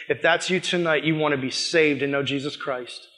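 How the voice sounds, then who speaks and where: A young man as youth pastor, preaching a sermon with animated storytelling that acts out the dialogue. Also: on the high side, normal speed, few pauses.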